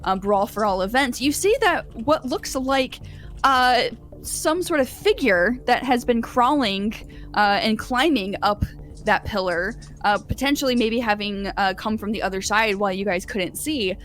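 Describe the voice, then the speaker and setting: A woman running a tabletop game as game master, narrating scenes for players with lively energy and frequent laughter. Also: fairly high pitch, unhurried, soft background music. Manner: animated, laughs often while narrating.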